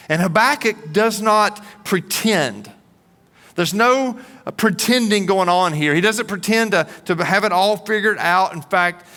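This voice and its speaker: A man preaching in an earnest, emphatic manner, his voice high and bright with a forceful edge. He talks slowly and deliberately, leaning on repeated words. His voice carries a long reverb from a church hall. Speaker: pastor. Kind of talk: sermon.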